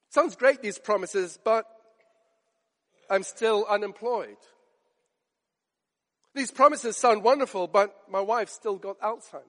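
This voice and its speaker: Male preacher, high voice, earnest and emphatic, long church reverb. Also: lively intonation, normal speed, fairly bright tone. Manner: earnest, emphatic, repeats phrases for effect. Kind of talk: sermon.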